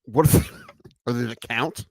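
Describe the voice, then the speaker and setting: A man's voice: medium pitch, a little slow, creaky, husky, no echo. Ranting podcast host man. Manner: ranting, swears, many restarts, swings from loud outbursts to mutters. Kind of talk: casual comedy podcast chat.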